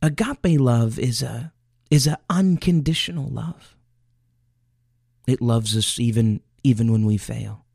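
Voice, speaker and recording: Gravelly, husky-voiced male preacher. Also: medium pitch, a little slow, darkish tone, no echo, studio quality. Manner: earnest, emotional preaching with repeated restarts. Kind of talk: sermon.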